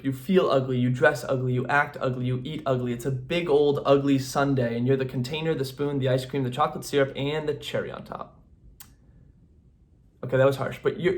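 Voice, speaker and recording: A man hosting a comedy show, delivering a sarcastic, rambling monologue and acting out both sides of imagined conversations. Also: medium pitch. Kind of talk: comic monologue to camera.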